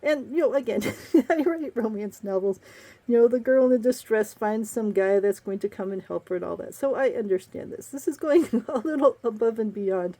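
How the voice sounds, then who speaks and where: Woman reviewer with a wry, laughing, sarcastic delivery; mellow and fairly high. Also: moderate pace. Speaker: book reviewer and romance novelist. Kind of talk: casual spoken book review.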